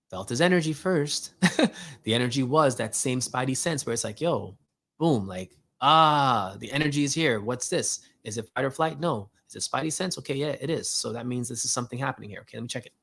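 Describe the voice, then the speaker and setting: Gravelly man telling a casual story. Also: mid-range voice, brisk. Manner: casual slangy talk, many "like" and "yo" fillers; animated, acts out both sides of conversations. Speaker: host. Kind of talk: casual storytelling monologue with spiritual reflection.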